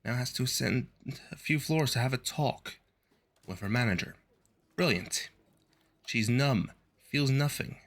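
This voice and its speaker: A man's voice: mid-range voice, expressive, unhurried, pauses often, a bit bright. A male streamer reading a video game's story text aloud and adding wry, sardonic asides.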